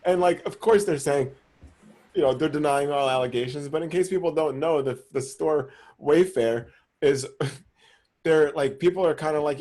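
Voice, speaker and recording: A young man co-hosting a podcast in casual chat, animated and swearing, acting out quoted voices. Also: fairly high pitch, moderate pace. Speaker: podcast co-host.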